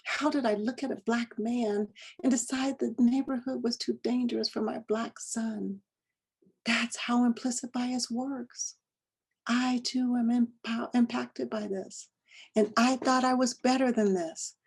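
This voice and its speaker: A middle-aged woman presenting a lesson, telling a personal story in an animated way, acting out dialogue and dropping to whispers. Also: a little high, a little slow, vocal fry, breathy edge.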